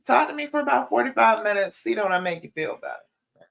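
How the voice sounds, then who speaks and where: A woman working as a relationship coach, hosting a live-stream Q&A and pep talk, speaking straight to her viewers with encouraging, repeated appeals and animated storytelling. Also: on the high side, brisk, vocal fry.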